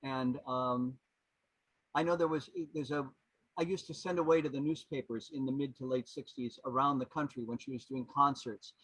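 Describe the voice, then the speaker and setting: A man in his seventies, a podcast guest and historian, telling anecdotes in an animated, rambling way with many restarts. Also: mid-range voice, normal speed, breathy edge, no room sound, rough recording. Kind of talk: anecdotal storytelling.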